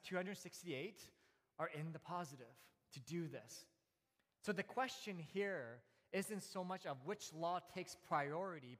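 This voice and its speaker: Male pastor, 30s, slightly high voice, easygoing sermon delivery full of "uh"s and restarts, long church-hall reverb. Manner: relaxed storytelling with frequent fillers and restarts. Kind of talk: conversational sermon.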